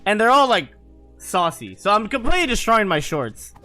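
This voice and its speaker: Lively, bright-voiced young man telling a story. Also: sits high, moderate pace, soft background music. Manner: animated, profane, laughs while talking. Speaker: gamer telling stories. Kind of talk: casual storytelling.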